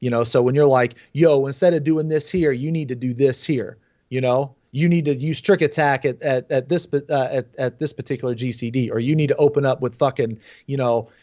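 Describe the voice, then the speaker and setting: A man's voice: mid-range voice, fairly quick, no room sound. A man who is a guest on a gaming podcast, chatting casually and ranting bluntly with lots of swearing. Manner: blunt, profane, animated ranting with laughs. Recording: dull lo-fi dry sound.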